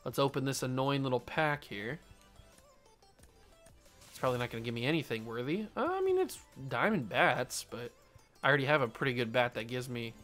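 A young man giving casual commentary while playing a baseball video game, excitable and repeating himself as he swings between groaning and cheering. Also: medium pitch. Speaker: gaming YouTuber. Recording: game music underneath.

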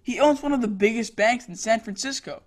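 A woman's voice: on the high side, fairly quick, natural voice. An actress playing a lovesick thirteen-year-old boy who speaks in a whiny, petulant way. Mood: sulky.

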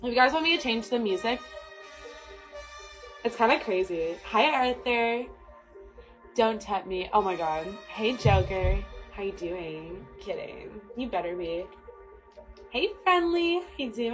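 Woman livestream host, slow and unhurried, slightly high voice, flirty greetings, faint music behind. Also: animated, low-quality recording. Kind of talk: casual livestream chat, greeting viewers. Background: music playing.

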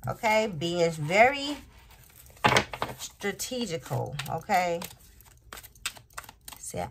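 A woman's voice: mid-range voice, expressive, slow pace, long pauses, background noise. A woman giving a casual tarot reading, rambling and asking "okay?" again and again. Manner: rambling, repeats "okay?" often. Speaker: tarot reader.

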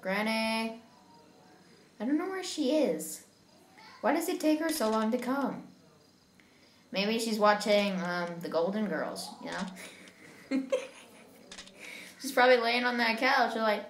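A woman's voice: a little high, animated, slow, pauses often, slight background noise. Woman gaming host, chatty and giggly, roomy recording. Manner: chatty, giggly, talks to viewers. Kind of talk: casual let's-play commentary.

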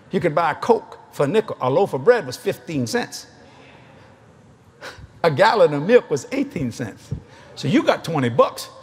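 Cajun preacher guy, high voice, cracking jokes thru his sermon, faint background hum. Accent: Louisiana Cajun. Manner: folksy, joking, laughs often. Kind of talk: sermon storytelling.

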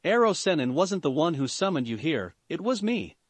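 A man voicing a brash, defiant teenage boy ninja who snaps back rudely and yells. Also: on the high side, sing-song, moderate pace, no echo. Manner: snappy, rude, yelling.

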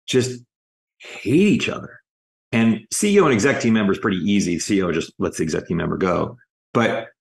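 A man's voice: deep voice, gravelly. A man working as an executive coach, telling stories in a podcast interview and acting out the dialogue in them. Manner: lively anecdotes, re-enacting dialogue in quotes.

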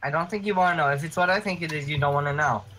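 A man's voice: fairly high pitch, racing, sharp tone, faint music behind, low-quality recording. A young man chatting casually and joking around while friends play a game together. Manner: joking, puts on silly girl voices for characters. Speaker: let's play guest. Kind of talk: casual group chat over gameplay.

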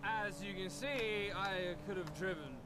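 A man's voice: high-pitched, a little slow, very noisy. An actor voicing a drunk young man in a video game who slurs and rambles self-pityingly while begging for a ride. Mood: drunk rambling. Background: game music.

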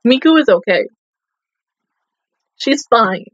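A woman's voice: fairly high pitch, expressive, slow, no room sound, lo-fi sound. A woman reacting to an anime episode, emotional and swearing in disbelief as she talks it through.

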